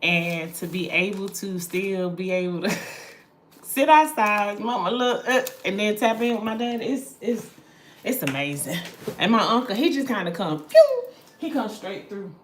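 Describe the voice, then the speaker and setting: Woman, 40s, livestream host and spiritual reader; candid, salty and chatty, middle-pitched voice. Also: sing-song, unhurried, slight background noise. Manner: candid and swears freely, drifts into tangents. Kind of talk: casual livestream chat.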